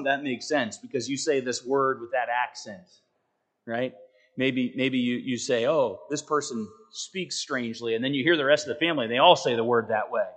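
An earnest man preaching a sermon at a middle pitch. He leans hard on key words, then drops almost to a hush. Now and then he breaks into casual asides to the congregation. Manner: earnest, emphatic, rising and falling with dramatic swings in volume.

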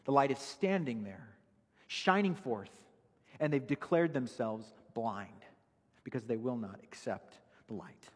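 A man's voice: mid-range voice, animated, measured pace, husky, big-room sound. A man preaching a sermon, earnest and emphatic, citing Bible verses as he explains them. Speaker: pastor.

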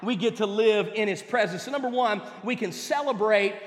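High-voiced preacher in an echoey hall. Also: male voice, moderate pace. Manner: emphatic, with repeated words and rising and falling delivery. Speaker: pastor. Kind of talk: sermon. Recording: echoey hall with long reverb.

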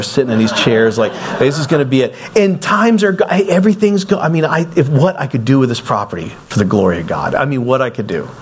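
A middle-aged man preaching, telling a personal story with lively acted-out quotes and self-deprecating asides. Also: medium pitch, breathy edge. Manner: animated storyteller, acts out quoted voices. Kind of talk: storytelling sermon.

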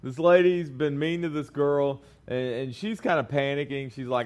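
A man's voice: medium pitch, normal speed, few pauses. A young man giving a casual youth sermon to a small group, telling a story in a chatty way with lots of fillers.

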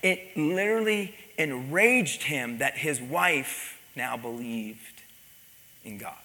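Male preacher, sharp bright tone, animated storytelling, echoing church hall. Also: mid-range voice, takes it slowly. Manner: animated, repeats words, drops to quiet intense tones. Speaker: pastor. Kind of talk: sermon storytelling. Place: church sanctuary. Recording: long reverb in a large hall.

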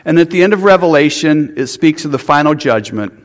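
A man's voice: on the high side, animated, a little fast, long reverb tail. A man preaching a sermon, earnest, with restarts and rhetorical questions. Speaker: pastor.

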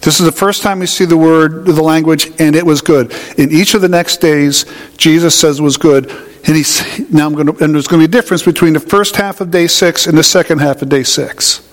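A man's voice: fairly high pitch, steady tone, fairly quick, long reverb tail. A man preaching a sermon in a conversational, folksy way, telling homey stories. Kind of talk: sermon teaching.

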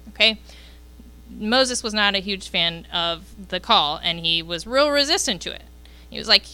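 A woman's voice: mid-range voice, unhurried, sharp tone, clear, resonant tone, dry recording. A woman leading a youth group, giving a casual Bible lesson and often checking in with the group by asking "okay?".

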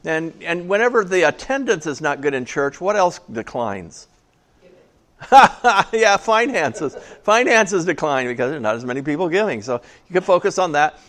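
A man's voice: on the high side, very animated, moderate pace, hardly any pauses, a bit bright. A man preaching a casual sermon to a small church, chatty and joking, asking the congregation questions. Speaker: pastor.

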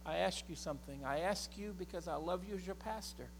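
A middle-aged man preaching a sermon as a pastor, swinging from impassioned shouting to quiet storytelling. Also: sits high, a little fast, noisy background.

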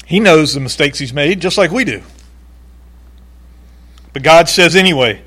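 A male pastor preaching a sermon in an animated way, acting out quoted voices and laughing now and then. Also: a little high, measured pace, pauses often.

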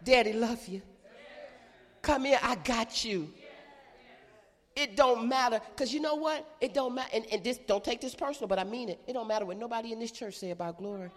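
A middle-aged woman, preaching an animated call-and-response sermon in a church. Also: fairly high pitch, fast, hardly any pauses, big-room sound.

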